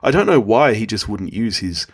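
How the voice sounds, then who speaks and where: Husky low-voiced male podcast guest. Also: very animated, a little fast. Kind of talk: casual chat.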